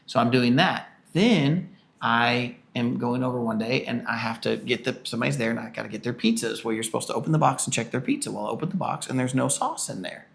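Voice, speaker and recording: A man in his early forties, a podcast co-host, telling a work story in a casual, animated way and acting out the people in it. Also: mid-range voice, fast talker, creaky. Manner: animated storyteller, acts out quoted people loudly.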